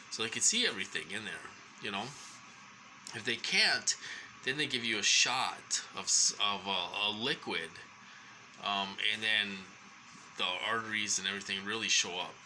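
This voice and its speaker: Halting man with a very bright voice. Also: on the low side, slight background noise, poor audio. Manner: halting, full of ums and restarts. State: short of breath at times. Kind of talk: rambling personal monologue.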